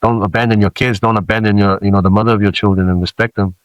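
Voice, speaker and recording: A low-pitched man from Samoa speaks as a podcast guest, earnest and reflective, circling back and restarting his thoughts. The sound is close and dry, with no room around it. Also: steady tone, fast talker, dry recording, highs cut off. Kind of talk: candid podcast conversation.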